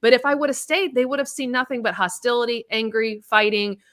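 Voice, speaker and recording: A woman's voice: on the high side, steady tone, brisk, fairly bright tone. A middle-aged woman, a podcast co-host, telling a personal story in candid casual chat, blunt and swearing freely.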